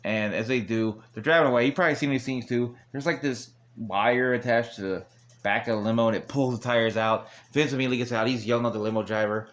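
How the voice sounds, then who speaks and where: A man's voice: medium pitch, fast, a bit bright. Guy rambling through a wrestling episode recap, laughs at his own asides, everyday voice. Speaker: wrestling show reviewer.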